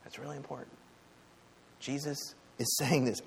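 A man's voice: mid-range voice, normal speed, gravelly, breathy edge, in a large hall. A man preaching a sermon in a church, with a conversational, emphatic delivery and frequent rhetorical questions to the congregation. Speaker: pastor. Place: church sanctuary.

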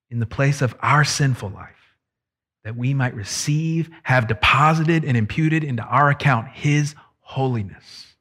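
A male preacher giving a conversational, emphatic sermon that explains scripture and slips into quick acted voices. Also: medium pitch, fairly bright tone, breathy edge.

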